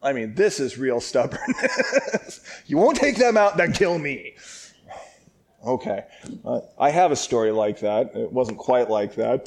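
A man's voice: mid-range voice, a little mellow. A man teaching a Bible passage in a casual, joking way, often laughing and acting out lines in a raised voice. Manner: jokey and conversational.

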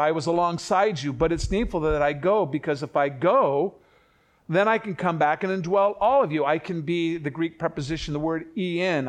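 An older man preaching a sermon in a conversational way, with family anecdotes and quick self-corrections. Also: a little high. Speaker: pastor.

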